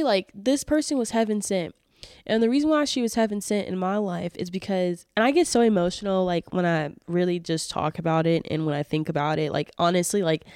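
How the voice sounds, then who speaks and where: A woman's voice: fairly low pitch, a little mellow, smooth, no room sound, clean studio sound. A woman, hosting a solo podcast and speaking earnestly and emotionally, with lots of fillers and restarts. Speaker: podcast host.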